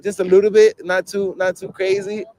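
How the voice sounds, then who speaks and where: A young First Amendment auditor with a New York accent talks casually to camera and to police on a city street, slangy, joking, profane, and meandering. He speaks at a normal speed in a high voice, though his delivery is flat and his tone dark.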